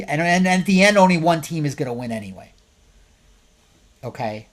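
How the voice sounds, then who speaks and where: A man who works as a therapist, hosting a podcast and giving his opinion in a conversational way. He asks the listener rhetorical questions and gets louder and more emphatic when he makes a point. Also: on the high side.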